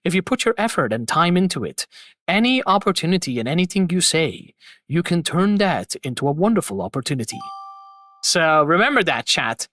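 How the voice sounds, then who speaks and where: A man's voice: fairly high pitch, sing-song, fairly quick, sharp tone, no echo. A man hosting a live stream, chatting casually to his viewers in an upbeat, rambling, slangy way. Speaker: streamer host.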